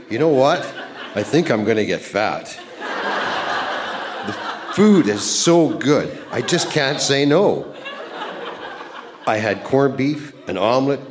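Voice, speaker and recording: A man's voice: mid-range voice, background noise. A man in his sixties from Canada reading his old love letters aloud on a live stage, playful and chuckling at himself. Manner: playful, self-mocking, chuckling at his own lines. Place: live event centre stage.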